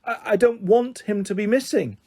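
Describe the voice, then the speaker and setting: A man's voice: high voice, very animated, normal speed, a little mellow, voice pushed up. A man doing a pleading, stammering young boy. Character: young boy, self-centred, anxious birthday boy.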